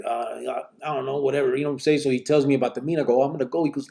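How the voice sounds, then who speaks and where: A middle-aged man tells his life story casually to a live audience, heavy on street slang. His voice is gravelly and dark. When he quotes other people he lifts his voice. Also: mid-range voice, steady tone, very fast, hardly any pauses. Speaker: channel host telling his life story.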